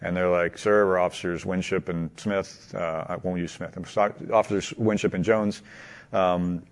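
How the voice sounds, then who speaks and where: A man telling a long anecdote to a small group in a casual, halting way, asking them questions along the way. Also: sits low. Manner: animated, halting, many restarts and laughs. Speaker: teacher leading a group discussion.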